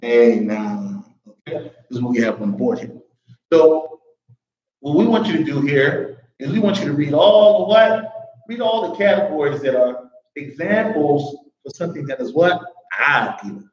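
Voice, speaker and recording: A man's voice: on the high side, expressive, moderate pace, darkish tone. A man teaching an Arabic grammar class, constantly quizzing his students with "what?" prompts. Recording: roomy, dull classroom recording.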